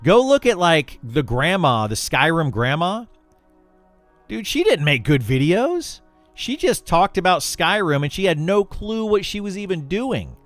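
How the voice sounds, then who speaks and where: A man's voice: sits high, a little slow, dry recording, faint music behind. A man who makes gaming videos, chatting casually in an exasperated, ranting way. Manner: animated ranting, exasperated, laughs often. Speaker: gaming content creator. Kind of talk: casual livestream chat.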